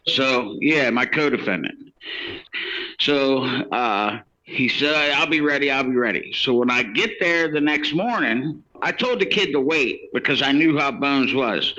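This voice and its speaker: Guy telling his story, bright sharp voice, kinda muffled lo-fi sound. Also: mid-range voice, unhurried. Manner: rambling, many restarts and quoted dialogue. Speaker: interviewee telling his case. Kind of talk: casual storytelling.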